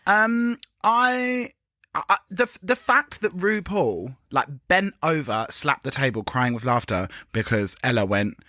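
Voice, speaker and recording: Lively, giggly man chatting. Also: fairly high pitch, a little slow, dry recording, clean studio sound. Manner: animated, giggly, swears freely. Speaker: podcast co-host. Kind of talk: casual chat.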